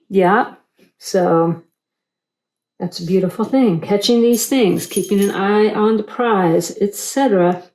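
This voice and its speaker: A middle-aged woman talks through a quilting tutorial as she sews. Her voice sits low and mellow, and she wanders into rambling, self-deprecating asides. The room around her is echoey. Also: gravelly. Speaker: quilting instructor. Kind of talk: casual tutorial chat while sewing.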